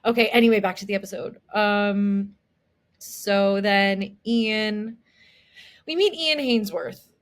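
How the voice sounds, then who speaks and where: Chatty young woman podcast co-host. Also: mid-range voice. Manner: chatty, full of "like" and quick restarts. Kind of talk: casual chat recapping a TV show.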